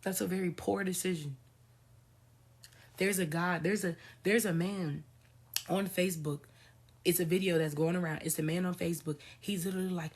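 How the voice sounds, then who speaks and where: A woman spiritual coach speaks in a casual, ranting commentary style and hammers points home by repeating them. Her voice sits on the low side and has a breathy, husky edge. She talks emphatically and swears freely. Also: fairly even intonation, normal speed, pauses often.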